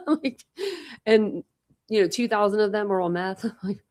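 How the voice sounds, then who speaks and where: A woman's voice: mid-range voice, expressive, measured pace, long pauses. A talkative young woman hosting a casual panel chat, telling stories with lots of quoted voices. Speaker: channel host.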